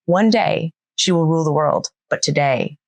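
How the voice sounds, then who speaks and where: A woman in her thirties co-hosting a podcast, telling stories with animated energy and frequent laughs. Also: sits low, normal speed, creaky, no echo. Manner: animated storyteller, laughs often. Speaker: podcast co-host. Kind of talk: casual chat.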